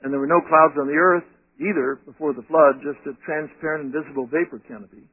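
A man with a slightly high, husky voice preaches a sermon. He keeps asking his listeners rhetorical questions in an animated way. The sound is thin and tinny, like an old radio broadcast, with a dry close mic. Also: quick pace, no room sound.

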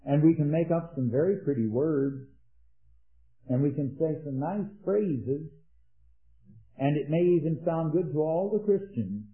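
A man preaching an earnest sermon, rising to emphatic peaks and dropping into quiet anecdotes. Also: a little high, expressive, unhurried. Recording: echoey, tinny old sermon recording.

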